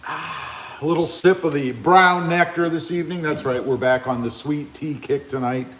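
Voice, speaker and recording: A man's voice: fairly high pitch, fairly even intonation, normal speed, a bit bright, echoey room. A man hosting a casual livestream from his garage, chatting easily and greeting viewers by name over a phone mic. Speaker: livestream host. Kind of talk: casual live chat reading comments. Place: open garage with a fan running. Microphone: cell phone camera.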